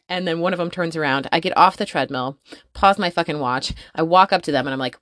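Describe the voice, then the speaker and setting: A woman hosting a podcast from her closet, telling a story in a casual, profane, animated way and laughing often. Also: lowish voice, quick pace, dry recording, clean studio sound. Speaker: podcast host. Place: home closet.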